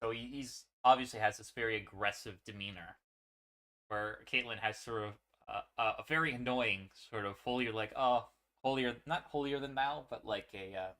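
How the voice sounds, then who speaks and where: A man hosting a casual commentary on a series, talking in an animated, profane way with frequent laughs. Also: mid-range voice, brisk. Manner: frequent fillers and restarts. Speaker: show host.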